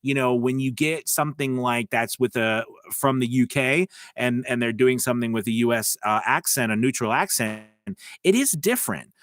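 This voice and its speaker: A man's voice: mid-range voice, moderate pace, fairly bright tone, no echo, studio quality. A man with a slight Southern US drawl, hosting a casual livestream as a voice-over coach, talking in a rambling, chatty way full of fillers and asides. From United States.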